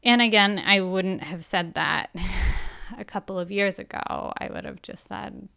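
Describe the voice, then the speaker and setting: Speaking gently and at a slow pace, a woman reflects candidly on herself in a personal monologue. Her mid-range voice is bright and smooth, though a noticeable creak shows up at the ends of her phrases.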